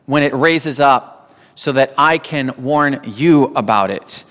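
A man's voice: medium pitch, slow pace, fairly bright tone. A man preaching a sermon as a pastor, emphatic and repeating phrases for weight. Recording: long hall reverb.

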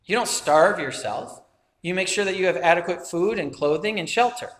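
A man preaching a sermon in an earnest, measured way, often checking in with "right?" and "okay?". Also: sits high, a bit bright. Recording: echoey hall sound.

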